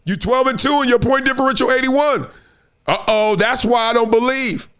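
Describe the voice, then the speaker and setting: Lively high-voiced man talking sports. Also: moderate pace, clear, resonant tone. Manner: animated, slangy, talks to viewers, breaks into sing-song bits. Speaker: sports show host. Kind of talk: casual sports commentary monologue.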